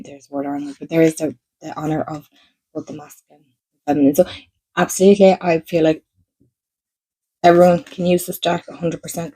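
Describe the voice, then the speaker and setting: A woman who reviews oracle decks, chatting to her viewers in a gentle, soothing, chatty way. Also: low voice, vocal fry, husky, poor audio. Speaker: tarot and oracle deck reviewer. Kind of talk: casual chat to camera.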